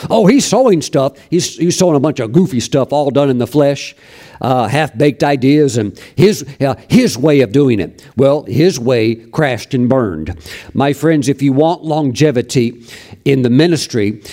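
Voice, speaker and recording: Male preacher, folksy storyteller, mellow tone, lots of restarts. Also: medium pitch, lively intonation, measured pace. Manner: folksy, anecdotal, many restarts. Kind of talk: sermon storytelling.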